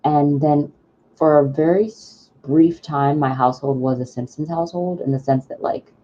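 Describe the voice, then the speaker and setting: Low-pitched female co-host, animated casual storyteller, dull lo-fi recording. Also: moderate pace, a little hiss or hum. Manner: animated storyteller, mimics her mother. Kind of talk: casual chat. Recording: dull lo-fi sound.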